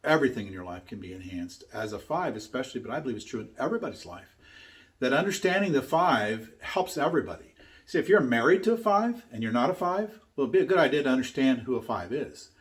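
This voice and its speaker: A man's voice: mid-range voice, sing-song, quick pace. An older man giving a motivational talk. He tells a story in an earnest, emphatic way and repeats his key points. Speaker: speaker teaching his own method.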